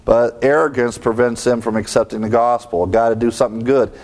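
A man's voice: medium pitch, fairly even intonation, fairly quick, darkish tone. Man, preacher, expository sermon, earnest teaching tone, rhetorical questions, mid-range voice.

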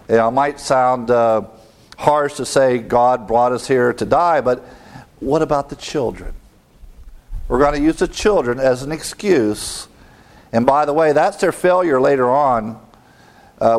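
A male preacher giving a verse-by-verse Bible teaching, reading passages aloud quickly and asking the listeners rhetorical questions in a conversational way. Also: medium pitch. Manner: reads scripture aloud quickly.

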